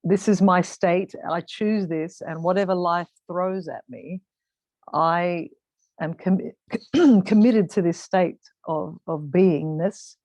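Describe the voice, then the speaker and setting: A woman's voice: on the low side, slow pace, a little mellow, no echo. Tired woman musing on a dry call. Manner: reflective, searches for words. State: tired, yawning. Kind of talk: casual sharing in a group call.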